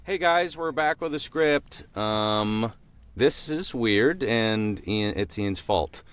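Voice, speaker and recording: A man co-hosts a chatty voice acting podcast, playful and chipper. He speaks unhurriedly, with a lively, wandering pitch. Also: slow, smooth. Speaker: podcast co-host. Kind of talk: casual podcast chat.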